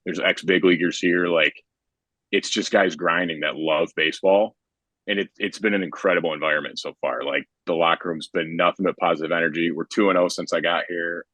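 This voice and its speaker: Deep-voiced young man chatting casually. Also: a little fast, no echo. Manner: relaxed, rambling, heavy on filler words. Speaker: professional baseball pitcher. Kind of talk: casual podcast chat.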